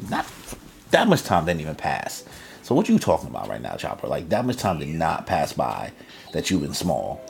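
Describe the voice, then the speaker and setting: A man's voice: low voice, gravelly. A man hosting a manga reaction video, reading panels aloud with loose, slangy asides. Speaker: manga reaction channel host. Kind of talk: casual reaction and read-aloud.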